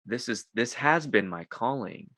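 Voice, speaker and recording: A male host interviewing a guest, speaking softly and affirming what he hears. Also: mid-range voice, animated, a little slow, no echo, clean studio sound. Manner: soft, affirming listener. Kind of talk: conversational interview.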